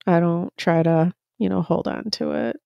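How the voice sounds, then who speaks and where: A woman with a lowish, gravelly voice co-hosting a casual podcast. She talks in a reflective, even-keeled way. The close mic gives a dry sound. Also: moderate pace, dry recording, dull audio. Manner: reflective, self-described stoic. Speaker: podcast co-host.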